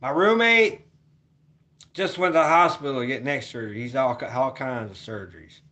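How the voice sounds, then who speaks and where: A man vlogging a rambling, repetitive rant at home, cursing and swinging from loud hollering to low mutters. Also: moderate pace.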